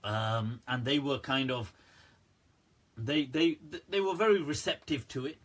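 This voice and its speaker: A man with a bright, slightly husky voice gives a loose, joking livestream Q&A and laughs often. He talks straight to his viewers and keeps saying "right" and "people" between his points. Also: mid-range voice, measured pace. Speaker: Islamic scholar answering questions. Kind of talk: casual livestream Q&A talk.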